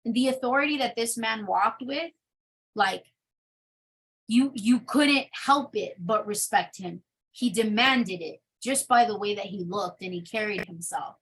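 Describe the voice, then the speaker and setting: A young adult woman telling her personal testimony in an interview, in a casual, animated storytelling manner. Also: mid-range voice, unhurried. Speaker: interview guest.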